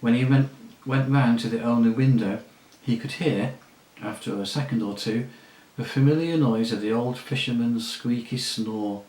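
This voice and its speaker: A man narrating a storybook in a calm, measured way, at an ordinary male pitch. His voice carries a noticeable echo from a roomy space. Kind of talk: audiobook reading.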